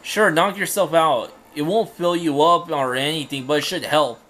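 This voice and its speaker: A man's voice: fairly high pitch, moderate pace. A man voicing a kind, reassuring young royal hero in a fan dub of game dialogue. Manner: gentle, reassuring.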